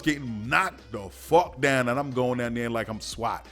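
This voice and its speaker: A man at a middle pitch, hosting a podcast in a casual commentary monologue. His talk is profane and heated and swings from calm to shouting. Faint music plays underneath. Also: a little slow. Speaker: podcast host.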